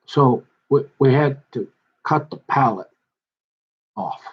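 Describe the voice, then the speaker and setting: Man, husky voice, low-pitched, folksy rambling rant, dull lo-fi sound. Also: slow. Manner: folksy, colloquial, meandering with restarts.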